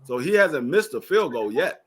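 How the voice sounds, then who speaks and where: A man's voice: on the high side, sing-song, moderate pace, husky. A man in a casual football chat, teasing his co-host and explaining at length.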